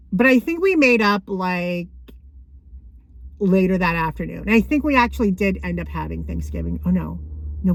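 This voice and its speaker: A woman in her thirties telling stories in a rambling, casual vlog, often correcting herself and laughing. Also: mid-range voice. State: out of breath. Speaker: vlogger. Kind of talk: casual chatty storytelling.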